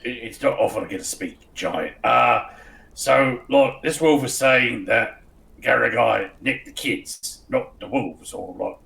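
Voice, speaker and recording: A man's voice: medium pitch, takes it slowly, gravelly, fairly bright tone, roomy sound, exaggerated voice, low-quality recording. A man voicing a blunt, slangy male adventurer who rambles as he asks questions. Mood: suspicious.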